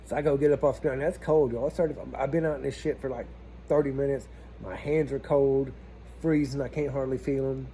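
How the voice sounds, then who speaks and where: Cussing plumber, dark voice. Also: male voice, mid-range voice, brisk, a little hiss or hum. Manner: animated, swears freely, says y'all. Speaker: plumber telling a work story. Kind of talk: casual storytelling vlog.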